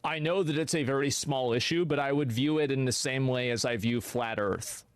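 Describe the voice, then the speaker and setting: Man, opinion commentary, measured and deliberate, mid pitch, dry close sound. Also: clear, resonant tone, no room sound.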